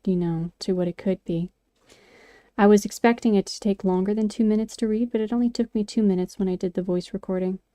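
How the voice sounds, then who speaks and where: A craft and poetry vlogger chats casually while sculpting, rambling with lots of fillers and restarts. Her voice is medium-pitched and warm, with no room sound.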